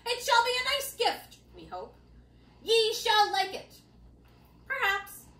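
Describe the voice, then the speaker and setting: A woman's voice: very high-pitched, big pitch swings, takes it slowly, a bit bright, roomy sound, voice pushed up, full character voice. A woman reading out a pompous king's royal proclamation in a grand, formal voice. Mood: proclaiming.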